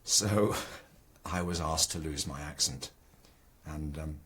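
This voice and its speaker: An older man from a small English town, telling family stories in an animated way that often trails off and restarts. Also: a bass voice, takes it slowly, a little hiss or hum. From Ilkeston, England. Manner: animated storyteller, restarts and trails off when excited. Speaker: guest exploring his family history. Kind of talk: casual documentary conversation.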